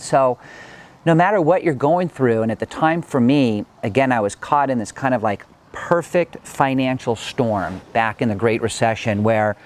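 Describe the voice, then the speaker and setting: A middle-aged man giving a personal motivational talk from his home, earnest and reflective, chatty and sometimes animated. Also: mid-range voice. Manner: earnest and reflective, chatty with frequent "like" and "you know"; animated when recounting, with light laughs. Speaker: motivational speaker.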